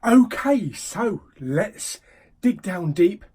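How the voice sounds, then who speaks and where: A man's voice: sits high, lively intonation, extremely slow, mellow, breathy edge. A man hosting a casual, jokey unboxing vlog, often dropping into whispered asides. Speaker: YouTube host.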